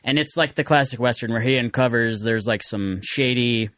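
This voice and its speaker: A man's voice: mid-range voice, normal speed, a bit bright, no echo, studio quality. A man co-hosting a podcast, chatting loosely and laughing often. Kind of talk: casual podcast chat.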